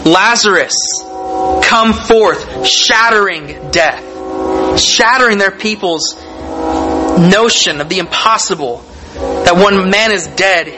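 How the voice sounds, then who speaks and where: A man preaching a sermon, reading scripture aloud and explaining it in a measured, deliberate way with emphatic pauses. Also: sits high, music in the background, rough recording.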